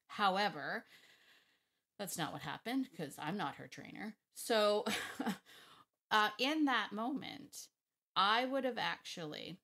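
A woman dog trainer explaining her methods in a casual, emphatic way, thinking out loud and laughing often. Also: mid-range voice, animated, a little slow. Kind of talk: casual talk to camera, teaching.

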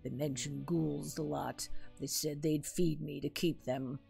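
A woman voicing a dismissive game villager, in a gravelly, husky put-on voice while reading dialogue aloud. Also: low voice, fairly even intonation, a little slow, dark tone, soft background music, voice pushed down, exaggerated voice.

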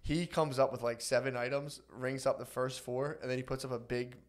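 Mid-pitched male co-host, loose crude storytelling, casual banter. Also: a little fast. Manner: crude, rambling, animated storytelling. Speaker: podcast co-host. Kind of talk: casual chat.

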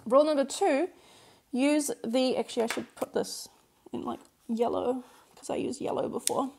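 A woman's voice: high voice, normal speed, creaky, a little mellow, slight background noise. A woman teaching grammar on a live stream, explaining patiently and repeating points in new words while answering viewers. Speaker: Korean language teacher. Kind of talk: live-streamed workbook lesson.

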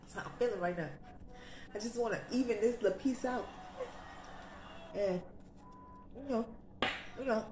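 A woman's voice: a little high, normal speed, pauses often, echoey room, background noise. A young woman vlogging in casual, sassy, slang-heavy chat.

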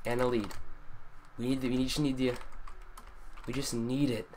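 A young man casually commenting on his own gameplay, chatty and excitable, now and then breaking into yelps. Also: mid-range voice, normal speed, a little hiss or hum. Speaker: gaming youtuber.

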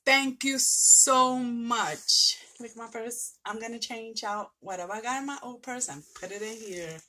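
A woman's voice: on the high side, fairly quick, fairly bright tone. A woman vlogger, teary and emotional, gushing with thanks as she opens mail from a friend. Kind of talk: casual vlog, opening mail on camera.

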